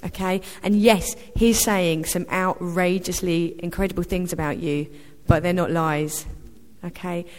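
A woman's voice: fairly low pitch, steady tone, unhurried, a little mellow. A woman sharing a prophetic word with her church in an informal testimony, hesitant and full of ums. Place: church hall. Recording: reverberant church hall.

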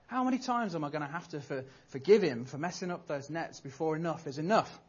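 A man's voice: fairly high pitch, lively intonation, quick pace, husky. A man voicing a fretful, exasperated fisherman disciple, muttering in fussy disbelief. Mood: worried. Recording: dull lo-fi recording.

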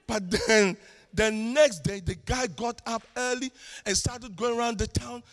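A man preaching and telling a testimony story, animated, breaking into laughs and loud prayer. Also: extremely high pitch, unhurried, soft background music. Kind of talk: testimony sermon. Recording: long hall reverb.

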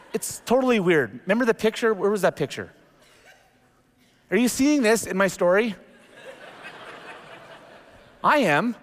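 A middle-aged male pastor preaching in a church sanctuary. His voice sits a little high and carries a long hall reverb. He tells his story with animated, lively energy. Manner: animated storytelling, jumps into acted quotes. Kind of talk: sermon.

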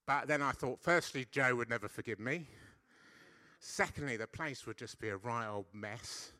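Chatty preacher guy, middle-aged, really bright voice, playful with the crowd in church. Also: medium pitch, moderate pace. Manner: chatty, playful, asks the congregation questions. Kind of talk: lively church sermon. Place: church service.

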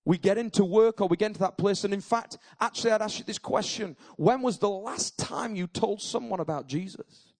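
A man's voice: high-pitched, fairly quick. A man preaching a sermon, moving from chatty storytelling to fervent, emphatic declarations. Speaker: pastor.

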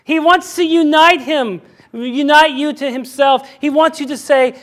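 High-voiced, animated preaching man. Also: unhurried. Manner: animated, emphatic, repeats himself with "I mean". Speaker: pastor. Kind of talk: sermon.

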